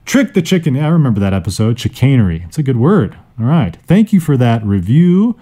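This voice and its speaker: A man hosting a study podcast, teaching words in a playful, joking way with sudden jumps in pitch. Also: sing-song, brisk, warm tone, breathy edge. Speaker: podcast host. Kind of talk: casual educational podcast monologue. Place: indoors, seated on a squeaky chair. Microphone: studio microphone.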